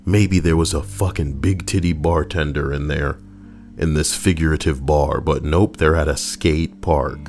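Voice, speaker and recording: Deep-voiced man reading stories, swearing and riffing. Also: steady tone, a little slow, darkish tone. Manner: swears freely, laughs, breaks off to riff. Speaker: streamer reading online stories aloud. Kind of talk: casual live-stream story reading.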